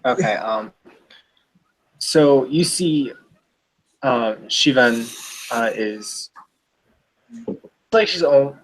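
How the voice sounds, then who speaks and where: A man at a tabletop game talking through what his character does, full of fillers and restarts. His voice is mid-pitched and easygoing. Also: expressive, very slow, pauses often. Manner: rambling, filler-heavy, self-interrupting. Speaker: player. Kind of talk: casual tabletop narration.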